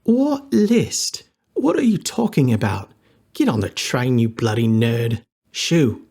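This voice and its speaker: A man's voice: medium pitch, sing-song, takes it slowly, mellow, husky, exaggerated voice. A man reading an audiobook, voicing a brash young woman in a fox costume who swears freely and brushes people off. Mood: scolding.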